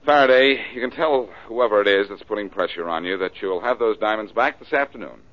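An actor in an old radio drama playing a cocky, wisecracking reformed-thief detective. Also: male voice, fairly low pitch, brisk, lightly acted. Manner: dry wisecracks, easygoing. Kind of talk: 1940s radio acting. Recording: dull old radio broadcast.

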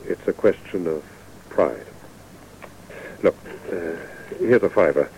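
An actor playing an urbane, dryly witty middle-aged father, speaking in a measured way. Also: low-pitched, lively intonation, vocal fry, a little mellow, a little hiss or hum, heavily acted, low-quality recording. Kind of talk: radio drama acting.

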